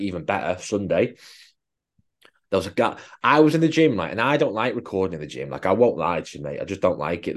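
A man co-hosting a podcast, a fitness coach chatting casually and swearing bluntly. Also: low-pitched. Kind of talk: casual chat.

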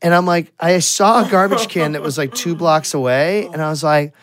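A man's voice: on the high side, moderate pace, a bit bright, dry recording. A man telling a crude story in casual podcast chat, swearing a lot and laughing as he goes.

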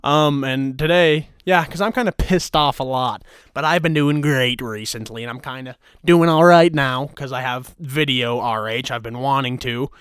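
A man hosts a casual podcast, ranting in a crude, mock-angry, teasing way. His mid-range voice moves at a moderate pace with a fairly bright, clear, resonant tone. The recording is studio quality with no room sound.

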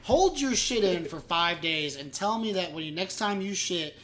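A man's voice: high-pitched, animated, normal speed, pushed and bright. A man co-hosting a podcast, telling crude stories in a rambling, laughing casual chat. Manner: rambling, laughing, graphic storytelling. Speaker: podcast co-host.

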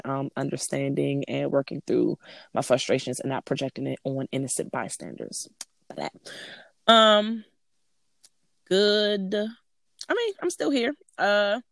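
A woman in her thirties talks in a casual, swear-filled rant, getting worked up as she goes. Her voice sits a little low, and the recording is close and dry. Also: no room sound. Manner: profane, animated ranting. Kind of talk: casual chat.

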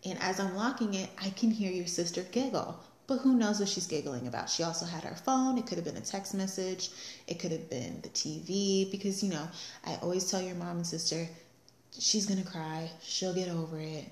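A woman telling stories about her toddler in a casual, animated way, laughing often. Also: lowish voice, brisk, reverberant. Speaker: mom. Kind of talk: casual chat.

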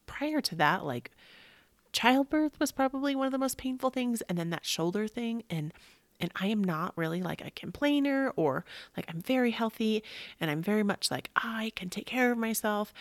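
A woman in her thirties hosting a podcast, telling a personal story in an animated way, with gasps and acted-out quotes. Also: on the low side, creaky, no room sound. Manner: animated, gasping, acts out quotes. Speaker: podcast host.

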